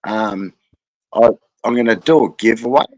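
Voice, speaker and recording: A man's voice: on the low side, normal speed, a little mellow, no echo, poor audio. An Australian man joking as a guest on a live stream, full of slang and heavy swearing. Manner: crude banter, heavy swearing, Aussie slang. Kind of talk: casual live stream chat.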